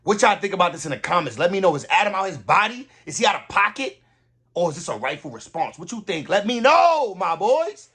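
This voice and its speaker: A young man hosting a reaction video, talking in casual slang with animated disbelief. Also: high voice, fairly quick, breathy edge.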